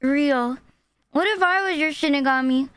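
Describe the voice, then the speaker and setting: Super high voiced woman streaming, chatty and blunt, cusses constantly. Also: moderate pace, fairly bright tone, no echo. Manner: blunt, swears often, laughs at clips. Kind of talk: casual reaction stream chat.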